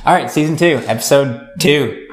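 A man co-hosting a podcast in relaxed, joking casual chat. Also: on the high side, moderate pace, echoey room, faint music behind. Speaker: podcast co-host.

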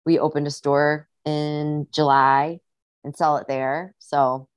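A woman's voice: low voice, flat delivery, slow, smooth, no echo. A young woman with a Midwestern accent, chatting casually and a little rambling as a guest on a podcast. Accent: Midwestern American. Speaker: musician and guest.

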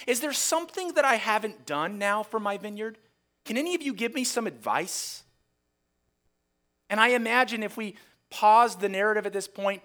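A man preaching a sermon, reading scripture aloud dramatically and acting out the voices of a shouting crowd. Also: high voice. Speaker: pastor.

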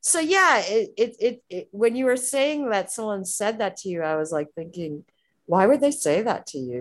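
A woman hosting a casual chat, rambling with many fillers and frequent laughs. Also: lowish voice. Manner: rambling, full of "you know" and "like" fillers, laughing often.

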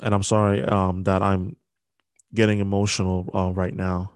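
A young man hosting a podcast, speaking a halting, grief-filled dedication with many restarts. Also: sits low, flat delivery, a little mellow, clear, resonant tone, dry recording. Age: young adult. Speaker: podcast host. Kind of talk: emotional spoken dedication.

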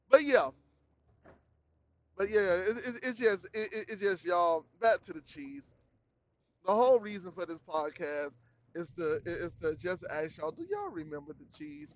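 A man hosting his own podcast in a loose, rambling rant full of slang. His voice sits high for a man. The recording is dull and lo-fi. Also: moderate pace. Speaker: podcast host.

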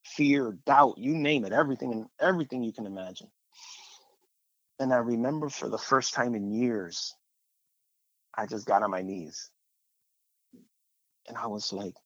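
A man's voice: medium pitch, moderate pace, long pauses, no room sound, muffled recording. A man sharing a personal faith testimony in a conversational, rambling way, with fillers and repeated phrases.

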